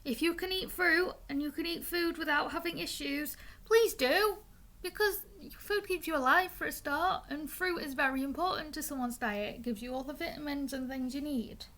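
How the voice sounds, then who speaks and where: A woman's voice: sits high, normal speed, few pauses, bright, forceful tone. A young woman explaining things in a casual, chatty way, often stumbling and restarting words, with the hiccups. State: has the hiccups. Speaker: vlogger.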